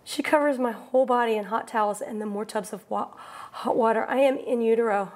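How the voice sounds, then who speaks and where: A woman's voice: on the high side, brisk, darkish tone. A woman performing a wry, breathless theatrical monologue from a solo stage show.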